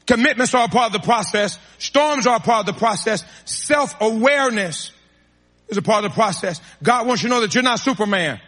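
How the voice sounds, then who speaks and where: A man preaches with a strikingly high, bright voice that rings through a large reverberant hall. He hammers points with repeated phrases and calls out to his congregation as he goes. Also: expressive, fairly quick. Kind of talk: sermon.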